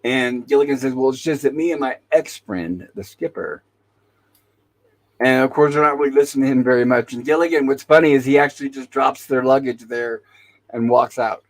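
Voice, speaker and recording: A man's voice: medium pitch, fairly quick, poor audio. A man hosting a talk show, casually retelling TV episode scenes and quoting the characters' lines. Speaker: podcast host.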